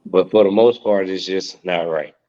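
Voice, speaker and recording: A man's voice: sits low, steady tone, moderate pace, mellow. A young man hosting a podcast, talking casually with blunt, profane opinions and easy laughter. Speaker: podcast host. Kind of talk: casual chat. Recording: lo-fi dull audio.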